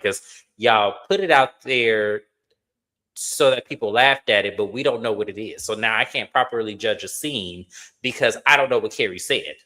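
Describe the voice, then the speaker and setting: A man with a bright, forceful voice recaps a reality TV reunion. He tells it in an animated, gossipy way, mixing plain commentary with louder acted-out quotes. His delivery is loose and conversational. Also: fairly low pitch. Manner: acts out quoted cast members in a raised voice.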